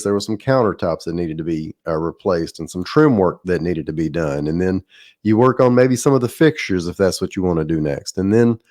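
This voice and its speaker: A man's voice: on the low side, warm tone. Southern-drawling man telling a folksy story. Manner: folksy, rambling, laughs at his own stories. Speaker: podcast host. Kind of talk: casual storytelling monologue.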